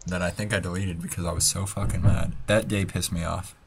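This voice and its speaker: Deep husky young guy, rambling college podcast chat. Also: fairly even intonation, brisk. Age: young adult. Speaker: podcast host. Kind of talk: casual chat. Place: college dorm room.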